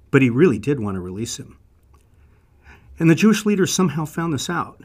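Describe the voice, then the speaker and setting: A man's voice: mid-range voice, husky. Man telling a Bible story. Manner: vivid, conversational storytelling. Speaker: Bible teacher. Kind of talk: dramatic Bible storytelling lesson.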